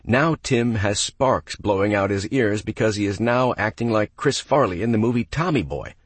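A man's voice: on the low side, animated, moderate pace, breathy edge, no echo. A man, a property manager, giving step-by-step instructional narration and acting out phone calls with an applicant. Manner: coaching, step-by-step explanations.

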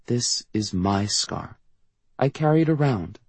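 A man reading an audiobook, voicing a teenage girl who pleads softly with her brother. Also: on the low side, lively intonation, unhurried, gravelly, husky, no echo, heavily acted. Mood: earnest. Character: teenage girl Mel, worried sister.

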